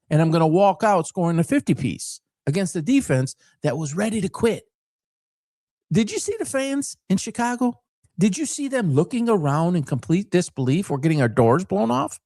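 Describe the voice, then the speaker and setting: A passionate man, once a coach, now hosting his own sports talk commentary, who drives his points home through repetition and stacked phrases. His voice sits a touch high and rides up and down with real animation. The sound is dry and close, with no room around it. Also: a little mellow, no echo. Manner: emphatic and repetitive, building rhetorical lists; passionate, fired-up. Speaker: former coach.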